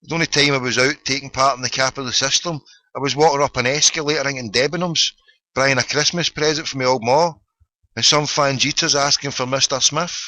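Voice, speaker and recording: A man's voice: mid-range voice, steady tone, fast talker, pushed and bright, no room sound, rough recording. A middle-aged man with a Glaswegian accent hosting a phone-in podcast, ranting sarcastically and swearing freely in casual solo commentary. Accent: Scottish, Glaswegian.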